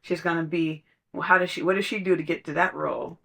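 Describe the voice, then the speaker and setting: Conversational podcast voice, mid pitch. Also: steady tone, fast talker, vocal fry, a bit bright. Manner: conversational, storytelling with laughs. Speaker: podcast speaker. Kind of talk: casual spiritual talk.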